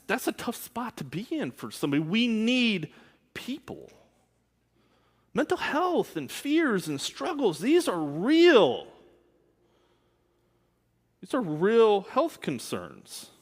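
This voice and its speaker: Candid preaching man, lively voice. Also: extremely high pitch. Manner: candid, conversational preaching with asides. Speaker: minister. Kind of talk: sermon. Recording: long hall reverb.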